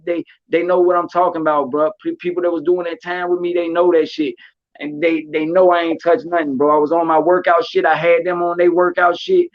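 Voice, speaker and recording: A man's voice: sits high, no echo. A man telling his story in casual talk, streetwise and full of repeated words and fillers. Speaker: podcast host. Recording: dull lo-fi recording.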